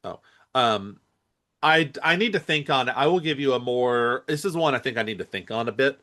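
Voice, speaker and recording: A man's voice: medium pitch, expressive, moderate pace, sharp tone. Rambling male podcast co-host. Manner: rambling, hesitant, lots of fillers and restarts. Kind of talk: casual movie chat.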